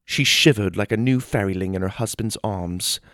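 A man narrating a storybook in an expressive, animated way. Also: lowish voice, normal speed, no echo, studio quality. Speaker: audiobook narrator.

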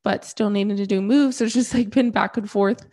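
A woman's voice: medium pitch, steady tone, a little fast, mellow. Stuffy-nosed young woman chatting. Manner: chatty, laughs easily. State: stuffy nose from a cold. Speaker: podcast co-host. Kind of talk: casual chat.

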